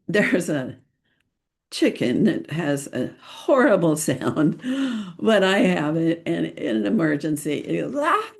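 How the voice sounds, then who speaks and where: A middle-aged woman talks through her photography tips in a relaxed, playful podcast chat. Her voice sits low with a gravelly, creaky edge, and she speaks slowly, laughing easily and filling gaps with ums. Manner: chatty and playful, laughs often, frequent ums and restarts. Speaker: children's photographer and podcast host. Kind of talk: casual podcast talk, giving tips.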